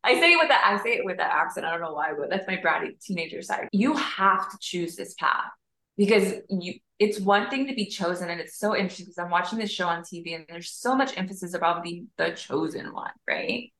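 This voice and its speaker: Gravelly low woman, roomy echo. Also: fairly quick, fairly bright tone. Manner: flowing, emphatic, repeats phrases in long runs. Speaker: guest, spiritual mentor. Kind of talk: casual spiritual conversation.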